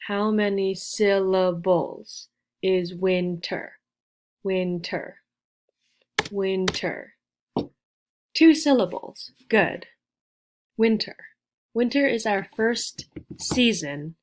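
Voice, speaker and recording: A woman teaching a beginner English lesson, patiently sounding out letters and praising her learners. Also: mid-range voice. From United States. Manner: slow, patient, encouraging, spells out sounds. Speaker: ESL teacher.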